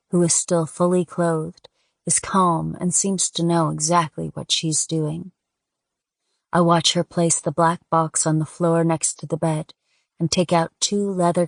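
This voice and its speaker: Low-voiced woman narrating an audiobook. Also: no echo, clean studio sound. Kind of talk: first-person audiobook narration.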